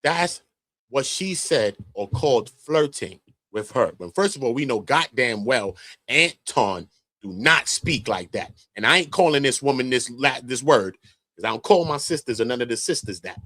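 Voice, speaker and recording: A man's voice: medium pitch, expressive, normal speed, a bit bright, dry recording, studio quality. A man co-hosting a reaction commentary, emphatic and profane, with slangy street talk. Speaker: commentary co-host.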